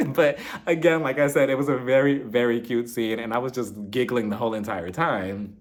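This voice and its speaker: A man's voice: medium pitch, fairly quick. A man casually reviewing a reality TV episode, acting out quotes and laughing often. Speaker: TV recap reviewer.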